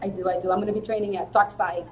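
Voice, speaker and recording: A woman in a casual chat, telling stories about her jiu-jitsu competitions, lively and laughing as she acts out what people said. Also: mid-range voice, racing, highs cut off, slight background noise. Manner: animated, laughing, acts out quotes. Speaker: jiu-jitsu fighter, guest.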